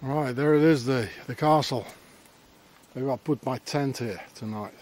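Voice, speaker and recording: On a walking-tour vlog of castle ruins in a forest, a male travel vlogger rambles and mutters slang and asides at a measured pace. His medium-pitched voice is a little mellow, and the outdoor handheld camera mic picks up a slight hiss or hum.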